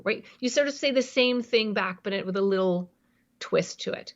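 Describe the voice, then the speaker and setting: A woman speaks as a parenting expert on a podcast, explaining emphatically and often acting out examples. Her voice sits at a middle pitch. The audio is dull and lo-fi. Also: normal speed. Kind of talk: podcast interview.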